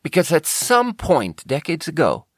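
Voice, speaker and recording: A man's voice: on the high side, wildly swooping pitch, measured pace, dry recording, clean studio sound. A man hosting a podcast, telling a story in a rambling way, often correcting himself mid-sentence and swearing casually. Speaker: podcast host.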